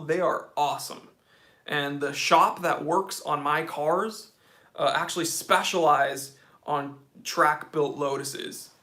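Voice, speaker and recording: A man's voice: fairly high pitch, bright, forceful tone. An American man hosting a livestream, casually reading out viewer comments and chatting with enthusiasm. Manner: casual, enthusiastic, says dude a lot. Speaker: watch channel host.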